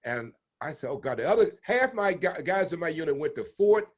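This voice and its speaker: Older man in his seventies, interview guest, lively raconteur who voices the people in his anecdotes, somewhat high-pitched. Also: fairly quick. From United States. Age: 70s. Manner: animated storyteller who acts out the people he quotes. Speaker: interviewee, retired naval officer. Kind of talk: storytelling interview.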